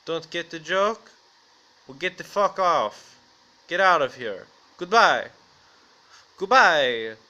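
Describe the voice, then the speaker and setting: A man's voice: medium pitch, bright, forceful tone, clean tone. A man rambling through crude, absurd jokes and laughing at his own punchlines. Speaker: comedy video host.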